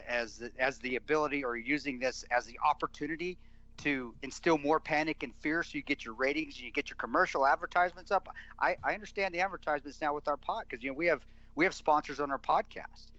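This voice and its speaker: Man with a bright, forceful voice, emphatic rambling podcast guest, dull dry recording. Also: a little high, no room sound. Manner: emphatic, rambling with many restarts. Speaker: podcast guest, military veteran. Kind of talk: casual podcast conversation.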